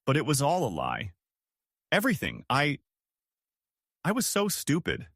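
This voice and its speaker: A man's voice: on the high side, wildly swooping pitch, a little slow, a bit bright, dry recording, clean studio sound, voice pushed up, heavily acted. A man voicing a remorseful ex-wife who pleads in a trembling voice. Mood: pleading. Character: tearful remorseful ex-wife, adult woman.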